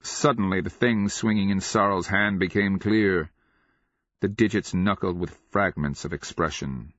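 Deep, slow male audiobook narrator. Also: fairly bright tone, dry recording. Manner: measured, deliberate, dramatic. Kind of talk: scripted literary narration. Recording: slightly muffled dry recording.

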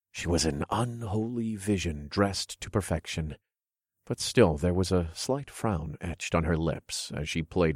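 A man with a very low voice reads a first-person fantasy novel in a steady, measured way. The mic is close and the recording is dry, with no room sound. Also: breathy edge, no echo. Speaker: audiobook narrator.

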